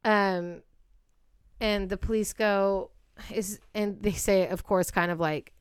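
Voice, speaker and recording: A woman's voice: mid-range voice, steady tone, takes it slowly, smooth, dry recording, studio quality. A woman co-hosting a podcast, recounting a true crime case bluntly and with profanity. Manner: blunt, profane, builds to heated outbursts. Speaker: podcast co-host.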